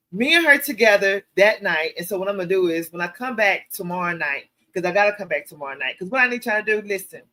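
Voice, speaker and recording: A woman hosting a casual livestream Q&A, telling stories in an animated, preachy way and calling her viewers y'all. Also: on the low side. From American South. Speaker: show host.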